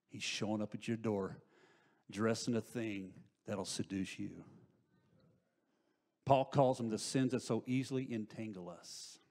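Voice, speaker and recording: A middle-aged man preaching a sermon in church. He asks rhetorical questions and moves between loud, emphatic lines and hushed asides. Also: on the low side. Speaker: pastor. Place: church sanctuary.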